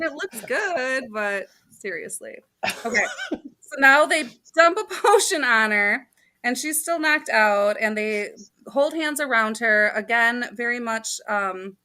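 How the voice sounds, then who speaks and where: A woman's voice: fairly high pitch, sharp tone. A woman co-hosting a podcast, reading a comic aloud in casual chat and acting out the characters' lines in voices. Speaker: podcast co-host.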